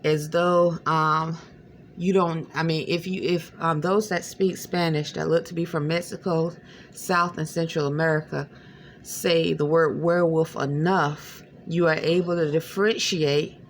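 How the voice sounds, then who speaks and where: Halting, gravelly-voiced woman vlogging at night. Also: low-pitched, level tone, slight background noise. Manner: hesitant, rambling, many fillers. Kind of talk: late-night personal monologue.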